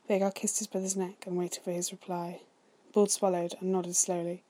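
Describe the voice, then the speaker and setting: A woman narrating fan fiction aloud in a steady, soft-spoken reading voice. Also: lowish voice, moderate pace. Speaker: story reader.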